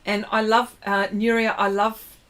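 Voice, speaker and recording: Slow, chatty woman art instructor. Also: mid-range voice, little pitch movement, a bit bright. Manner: chatty, reads and answers viewer comments while working; halting, many fillers and restarts. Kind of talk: livestream painting demonstration.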